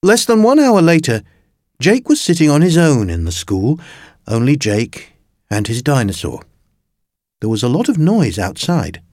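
A man reading a children's story aloud in an expressive, playful way. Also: mid-range voice, dry recording, studio quality. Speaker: narrator.

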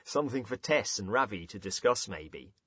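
A man hosting a podcast for English learners, reading out listeners' jokes with lively, amused storytelling. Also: on the low side, normal speed, slightly rough, dry recording. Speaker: podcast host.

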